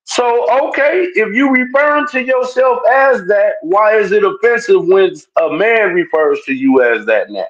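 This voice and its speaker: A man on a live stream, calmly reasoning through his point in a casual debate. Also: high voice. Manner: measured, reasoning aloud step by step. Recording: dull, lo-fi remote audio.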